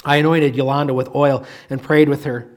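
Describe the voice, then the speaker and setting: Measured man preaching, hushed on key phrases. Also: mid-range voice, flat delivery. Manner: measured storytelling that slows and softens to a hush on key phrases. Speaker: pastor. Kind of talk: sermon with a read-aloud story.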